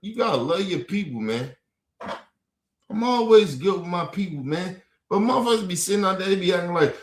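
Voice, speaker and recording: An angry streamer from Baltimore rants on a livestream in a high, lively voice at normal speed. He is profane and repetitive, breaking into bursts of shouting, and the recording has a roomy echo.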